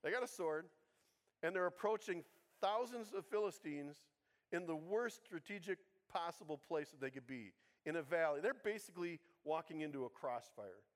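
A pastor with a fairly high, expressive voice preaches at normal speed in a casual, conversational style. He drops in humorous asides and keeps checking with the congregation by asking "right?"

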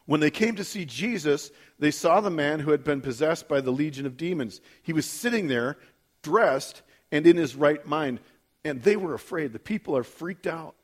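A man leading a Bible study, reading scripture aloud and breaking in with casual asides, often ending with "right?" and acting out quoted lines in sudden higher voices. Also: lively intonation, normal speed, slightly rough.

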